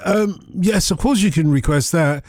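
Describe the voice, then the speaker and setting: A man's voice: high-pitched, moderate pace, darkish tone, dry recording. Late night radio guy reading texts, joking around, rambly, dry close mic. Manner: rambling, jokey, filler-heavy banter. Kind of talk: casual chat. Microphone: studio microphone.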